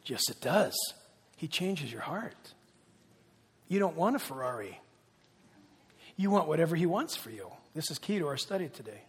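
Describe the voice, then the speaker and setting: A man's voice: high voice, breathy edge. A man preaching a sermon as pastor, emphatic, prompting the congregation to repeat words back. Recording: long reverb of a large hall.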